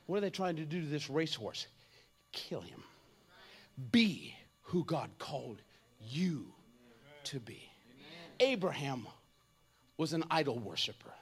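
A man in his fifties preaching an energetic, comedic sermon, joking and acting out voices. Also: on the high side. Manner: animated, jokey, acts out voices, shouts at times.

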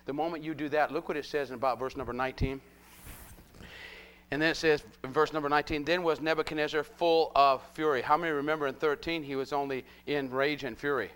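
A preacher delivers a live sermon in a lively, joking way. He keeps pressing his listeners with quick rhetorical questions. His man's voice sits on the higher side. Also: smooth. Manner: animated, jokey, prods the crowd with rhetorical questions.

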